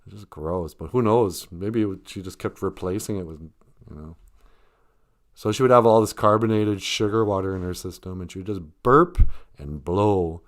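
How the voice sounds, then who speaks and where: A man's voice: deep voice, moderate pace. An older man hosting a casual live stream about Ojibwe, rambling and joking, often breaking into laughs. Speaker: host teaching Ojibwe.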